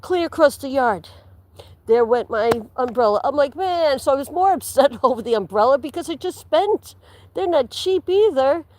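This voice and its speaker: A woman with a high, animated, slightly mellow voice livestreams as she walks in the woods, speaking at a moderate pace. She's talkative and rambling, laughs often, and at times falls to a whisper.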